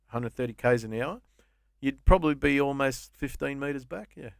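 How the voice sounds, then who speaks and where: A man's voice: mid-range voice, normal speed, gravelly, dry recording, clean studio sound. An Australian man in his fifties, a comedian and podcast guest, telling rambling stories with plenty of swearing in a casual chat. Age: 50s.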